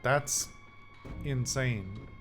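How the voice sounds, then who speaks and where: A man's voice: medium pitch, extremely slow. A man giving casual, wry commentary while playing a game, thinking aloud as he reads the cards. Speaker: gameplay commentator. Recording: faint background music.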